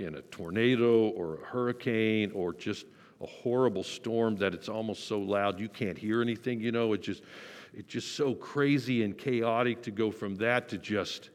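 A man preaching a sermon, animated, acting out quoted voices with sudden jumps in pitch and loudness. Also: normal speed, long reverb tail. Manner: animated, acts out the disciples' panic in quoted voices. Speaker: pastor.

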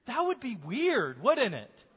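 A man's voice: very high voice, wildly swooping pitch, slow pace, fairly bright tone, breathy edge. An American man, a pastor, preaching an earnest sermon to his congregation in a church. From United States. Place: church sanctuary. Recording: dull sound with long hall reverb.

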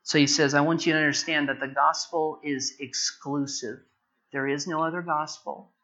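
A man preaching a sermon, moving from quiet prayerful reflection to loud, emphatic, impassioned preaching. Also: a little high, steady tone, normal speed, lo-fi sound. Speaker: pastor.

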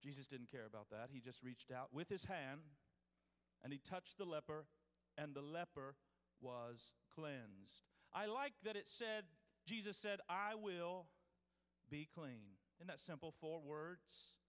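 A man's voice: a little high, measured pace, a bit bright, in a large hall. A man preaching a sermon as pastor, reading scripture aloud with restarts and calling out to his congregation.

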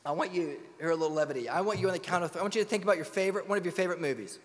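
A man preaching a sermon as pastor, firing rhetorical questions and swinging from loud urgency to hushed tones. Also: sits high, very fast. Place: church sanctuary. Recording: long reverb in a large hall.

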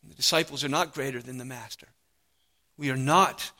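Bright-voiced preacher in a sermon. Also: male voice, medium pitch, moderate pace. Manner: earnest preaching with rising emphasis and dropped-voice quotes. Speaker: pastor.

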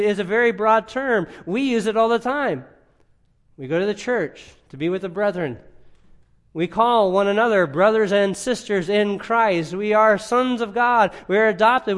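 A man with a somewhat high voice delivers an expository sermon. He asks rhetorical questions and swings between loud emphatic stretches and quiet asides. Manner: emphatic, rising and dropping in volume, rhetorical questions. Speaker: pastor.

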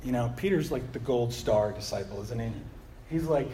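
A man preaching a sermon in an animated, conversational way, often checking in with a rhetorical "right?" and slipping in self-deprecating humor. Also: mid-range voice, moderate pace, slight background noise. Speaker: pastor.

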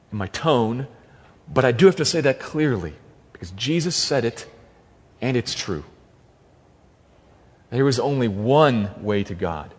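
A man preaching an expository sermon as pastor, emphatic and repeating key phrases for stress. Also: mid-range voice. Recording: long reverb of a large hall.

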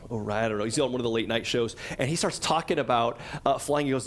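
A middle-aged man, a pastor, preaching a conversational sermon and acting out quotes with lively energy. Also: quick pace. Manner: conversational and animated, acts out quotes with a higher voice.

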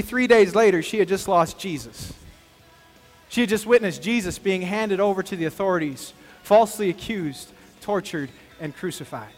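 A man preaching a sermon as pastor, talking conversationally and swinging between loud emphasis and quiet moments. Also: sits high. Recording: long hall reverb with faint music.

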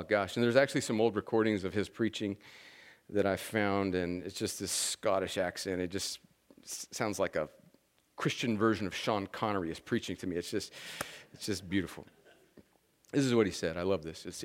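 A man's voice: deep voice, normal speed. A man preaching a sermon as pastor, talking in a conversational, emphatic way that often restarts its sentences.

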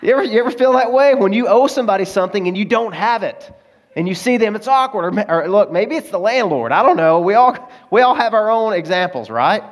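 A man's voice: high-pitched, animated, brisk. A man preaching a sermon in a conversational way, with personal stories and frequent asides to the congregation. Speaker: pastor.

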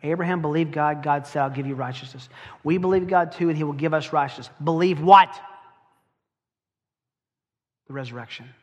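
Emphatic preacher in a reverberant hall. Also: male voice, fairly high pitch. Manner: emphatic, rhetorical questions, slows down on key phrases. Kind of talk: sermon.

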